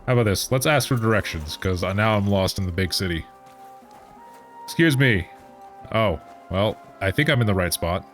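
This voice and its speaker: A man's voice: on the low side, lively intonation, moderate pace, a bit bright. A man chatting and joking while he streams a game, loose and casual. Faint music plays in the background.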